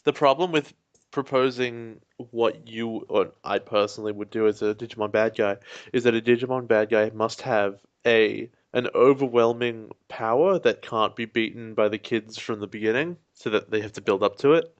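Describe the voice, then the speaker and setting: A man's voice: medium pitch, moderate pace, lo-fi sound. A man co-hosting a podcast in casual chat, dry and teasing with a sardonic edge. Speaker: podcast co-host.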